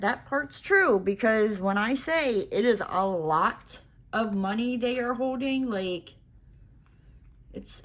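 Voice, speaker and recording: A woman's voice: mid-range voice, a bit bright. A woman craft vlogger telling a story in a casual, rambling chat, full of "like" and "you know" fillers.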